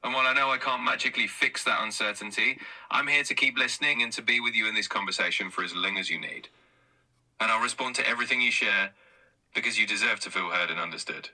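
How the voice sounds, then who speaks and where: Male AI voice, reassuring and steady; fast and bright; far-off phone speaker. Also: lowish voice. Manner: calm, steady, affirming. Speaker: AI chatbot voice. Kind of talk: reassuring replies.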